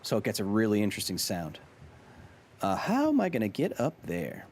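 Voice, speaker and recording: A man's voice: on the low side, a little fast, a little hiss or hum. A man in his thirties streaming a game, joking and chatting casually with his viewers. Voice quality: animated, jokey, talks to chat. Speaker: gaming streamer.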